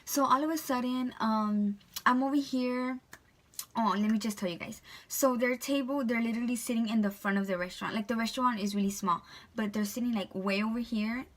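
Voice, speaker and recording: A woman's voice: on the high side, fairly quick. A young woman vlogger telling a storytime in a chatty way, full of "like" and "um". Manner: chatty, filler-heavy, lots of "like" and "um". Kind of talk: storytime vlog.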